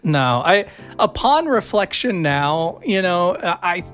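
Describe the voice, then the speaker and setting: A man's voice: high-pitched, big pitch swings, takes it slowly, fairly bright tone, soft background music. A man co-hosting a podcast, chatting casually and rambling with self-mocking asides and restarts. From Las Vegas, Nevada. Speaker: podcast co-host. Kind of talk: casual chat.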